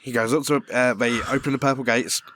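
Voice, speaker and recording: A man's voice: medium pitch, fairly even intonation, fairly quick, a bit bright, slight background noise. A middle-aged man, a podcast co-host, telling a long comic shaggy-dog story to his friends and laughing through it. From Britain. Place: garage.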